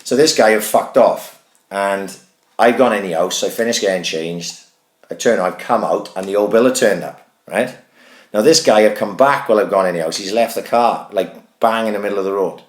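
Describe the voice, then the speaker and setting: A low-voiced man in his thirties tells a rambling, foul-mouthed story to his podcast co-host. He talks in a lively, conversational way, full of "right?" and swearing. The sound is roomy and echoey. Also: normal speed. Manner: sweary, animated anecdote-telling. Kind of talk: casual chat, storytelling.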